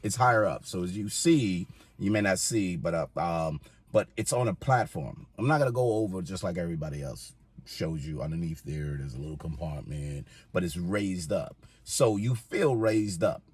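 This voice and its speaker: A man's voice: low voice, normal speed, a little mellow, slightly rough. A middle-aged man co-hosting a podcast from inside a car, laid-back and joking. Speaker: podcast co-host. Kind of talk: casual chat.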